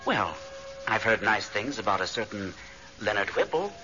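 A man's voice: lowish voice, sing-song, moderate pace, bright, forceful tone, faint music behind. An actor playing a sly, teasing male ghost in a radio drama, coaxing and drawing out his words. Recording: dull lo-fi radio recording.

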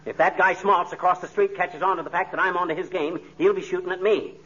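An excitable, boastful husband on old radio, bright and high-pitched. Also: male voice, fast. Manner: blustering, excitable, folksy. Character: blustering, boastful, suspicious middle-aged husband. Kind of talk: 1940s radio comedy acting. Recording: dull lo-fi old radio recording with faint hiss.

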